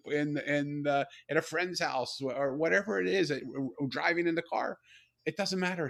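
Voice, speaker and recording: An older man telling a personal story in a conversational interview, animated and repeating words as he builds his point. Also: medium pitch, gravelly. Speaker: guest, author and CEO.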